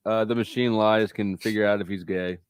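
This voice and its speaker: A man hosting a live stream panel in a relaxed, laid-back way, with quick asides to the panel. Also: lowish voice, clear, resonant tone, no room sound.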